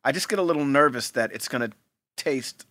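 A man's voice: medium pitch, expressive, a little fast, sharp tone, no echo. A man co-hosting a podcast in laid-back casual chat, often calling people "man". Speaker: podcast co-host.

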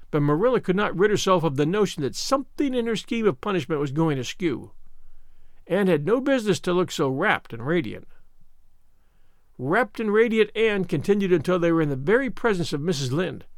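A man narrating a classic novel as an audiobook, telling the story in an expressive, measured way. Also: a little high, no echo, clean studio sound.

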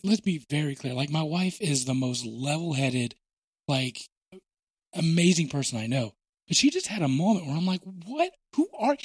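A man hosting a podcast, telling stories in a joking, animated way. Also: mid-range voice, husky, dry recording. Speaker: podcast host. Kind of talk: casual chat.

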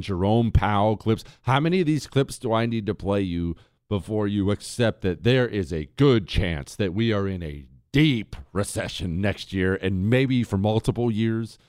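A man's voice: on the low side, darkish tone, dry recording, clean studio sound. A man hosting a talk radio monologue, ranting in a sarcastic way. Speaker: radio host.

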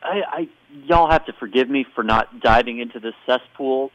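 A man co-hosting a casual podcast, recapping a wrestling show with animated storytelling and playful impressions. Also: medium pitch, normal speed, no room sound, poor audio. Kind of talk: casual chat.

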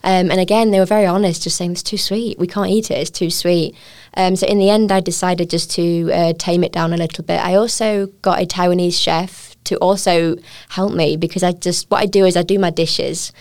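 Woman, English accent, lively, laughs a lot, acts out quotes, casual interview guest. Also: on the low side, fairly quick. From England. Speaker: guest, restaurant owner.

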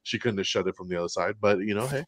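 Male co-host, low register, dry mic, animated and chatty, reviewing films. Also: racing, no room sound. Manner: animated, acts out quoted lines, swears casually. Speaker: podcast co-host. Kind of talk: casual movie review chat.

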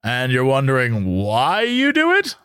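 A man's voice: medium pitch, huge pitch swings, measured pace, a bit bright, clean tone, voice pushed down. A man reading the lines of a brash, middle-aged male radio shock jock who fires off blunt, probing questions. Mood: prying.

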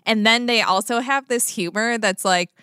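Bright, smooth-voiced woman host. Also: on the high side, normal speed, no room sound, clean studio sound. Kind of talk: casual chat.

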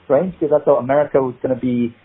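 A man with a Cockney accent, an actor guest telling rambling, animated stories with many restarts. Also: mid-range voice, rapid-fire, husky. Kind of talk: casual interview storytelling. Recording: tinny phone-like line.

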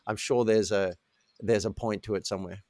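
A man telling a candid, self-mocking story as a guest in a podcast interview, with lively animated delivery. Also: on the low side, brisk, no room sound, studio quality. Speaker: guest, coach.

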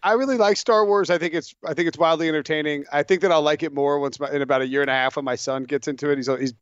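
A man's voice: fairly high pitch, steady tone, fast, smooth, dry recording, lo-fi sound. A man in his thirties chatting on a talk show, hesitant and restarting his sentences. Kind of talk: casual studio chat.

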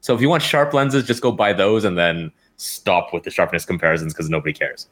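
A man's voice: low voice, steady tone, brisk, a bit bright. A man on a casual podcast, talking bluntly and jokily and laughing as he speaks.

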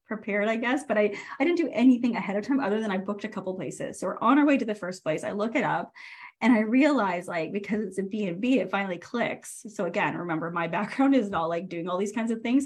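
A woman with a mid-range voice, a podcast host and coach, leads a casual live training. She's chatty and animated, full of fillers and self-corrections, and laughs often.

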